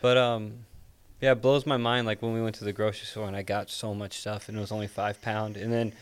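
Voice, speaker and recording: Smooth-voiced laid-back American man. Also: on the low side, level tone, fairly quick. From United States. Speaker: podcast guest. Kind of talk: casual chat.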